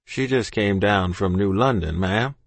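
A man playing a quiet, deferential soldier uncle. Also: fairly low pitch, measured pace, creaky, no echo.

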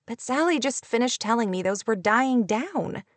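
A woman reading an audiobook, voicing a proud, prickly young woman teacher who answers in sharp, clipped retorts. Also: medium pitch, expressive, normal speed, dry recording, natural voice. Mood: irritated.

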